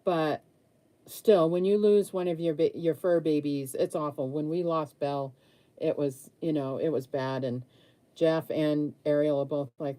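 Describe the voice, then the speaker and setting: A woman's voice: low voice, fairly even intonation, measured pace, dark tone. A woman in her sixties, chatting candidly with viewers while she paints during a live stream. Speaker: livestream host answering viewer comments.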